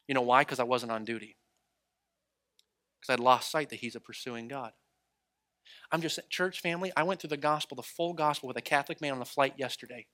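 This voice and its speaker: A man who is a traveling preacher, telling stories in a sermon in an animated way and acting out the people he quotes. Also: mid-range voice, brisk, long pauses. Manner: animated storytelling, acts out quoted voices. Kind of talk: storytelling sermon.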